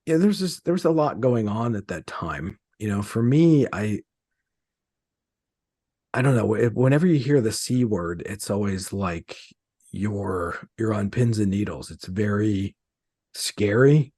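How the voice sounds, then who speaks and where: A man's voice: fairly low pitch, expressive, unhurried, dark tone, no echo, clean studio sound. A middle-aged man, an author being interviewed, speaking hesitantly with many fillers and restarts. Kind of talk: conversational interview.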